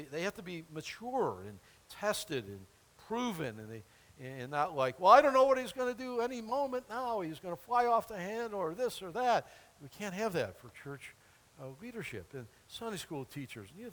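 A man preaching a sermon as pastor, animated and chatty, acting out biblical figures and laughing between points. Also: on the high side, long reverb tail.

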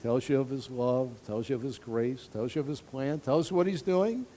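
A man's voice: medium pitch, normal speed, dark tone. A male pastor giving a conversational sermon to his congregation, mixing Bible quotes with personal stories and light laughter. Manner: conversational preaching with asides and laughs.

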